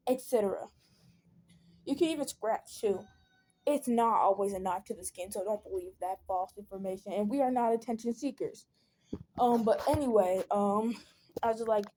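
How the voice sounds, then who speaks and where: A woman's voice: on the high side, warm tone, a little hiss or hum. A teenage girl telling a personal story in a casual storytime vlog. She rambles, fills her talk with "like" and "um", and acts out the people she quotes.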